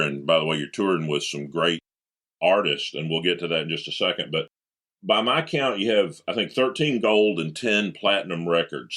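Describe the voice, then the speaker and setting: A man's voice: low-pitched, fairly bright tone. A man hosting an interview, asking enthusiastic, well-prepared questions. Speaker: interview host.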